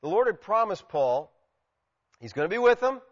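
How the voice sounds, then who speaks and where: A high-voiced, lively man preaching a sermon in a church hall. He acts out the voices he quotes and swings from loud exclamations to quiet asides. The sound is muffled, with a long reverb trailing each phrase. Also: moderate pace. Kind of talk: expository sermon.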